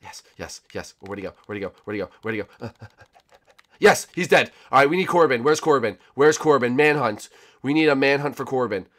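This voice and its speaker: A man hosting a gaming channel, giving excitable gameplay commentary and often repeating his words. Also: medium pitch, brisk. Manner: excitable, repeats himself a lot.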